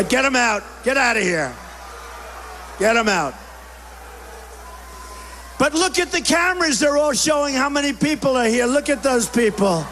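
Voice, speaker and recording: A man delivers a bombastic campaign rally speech, hammering short repetitive phrases. His voice sits high for a man and rings through a large hall with a long reverb tail, with a faint crowd murmur underneath. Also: fairly bright tone, a little hiss or hum. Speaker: political speaker at a rally. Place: large indoor rally venue.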